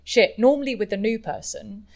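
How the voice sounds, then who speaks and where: A woman's voice: fairly high pitch, moderate pace, vocal fry, darkish tone. A woman co-hosting a podcast, talking thoughtfully in long winding sentences in casual chat. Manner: thoughtful, talks in long chains of clauses with fillers. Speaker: podcast co-host.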